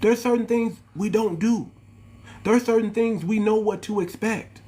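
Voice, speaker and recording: A man's voice: high-pitched, moderate pace, dark tone. Ranting man with African American English. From United States. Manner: preachy, repetitive, addresses viewers as family. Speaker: channel host. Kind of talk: ranting livestream monologue.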